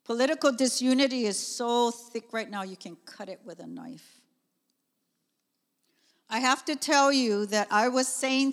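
A middle-aged woman, preaching a sermon in a conversational, animated way with chatty asides. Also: a little high. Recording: long reverb of a church hall.

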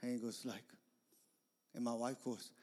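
A man preaching a sermon as pastor, animated, with sudden loud bursts. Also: medium pitch, moderate pace, in a large hall.

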